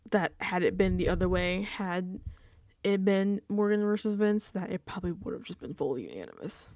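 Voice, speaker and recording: A woman with a mid-range voice animatedly hosts a casual reality TV recap, performing her reactions and quotes into a desk mic. The audio has studio quality and no room sound.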